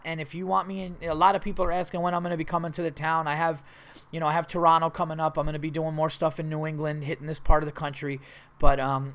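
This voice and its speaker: A man's voice: a little high, vocal fry, a bit bright. A male podcast host and stand-up comedian in casual chat, reading listener letters aloud and reacting bluntly with heated, profane exasperation. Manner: loose and rambling, full of fillers and restarts.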